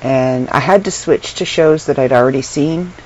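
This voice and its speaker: A Canadian vlogger in middle age, feeling ill and tired, chats loosely to the camera from her bedroom, dropping lots of ums and little laughs as she wanders from topic to topic. Her voice is very deep and a little mellow, delivered at normal speed. Faint room noise sits under a dull, lo-fi recording.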